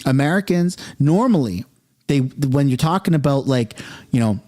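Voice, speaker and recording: A man's voice: mid-range voice, lively intonation, moderate pace, a little mellow. A man from Canada, hosting a livestream, reading out viewer comments and rambling through opinionated asides with a chuckle. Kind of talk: casual political livestream commentary.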